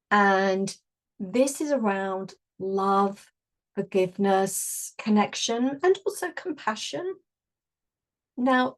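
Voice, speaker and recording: Woman, workshop leader, gentle conversational guidance, mid-range voice. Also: medium pitch. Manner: warm conversational explaining with gentle affirmations. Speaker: energy healing workshop leader. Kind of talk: guided workshop teaching.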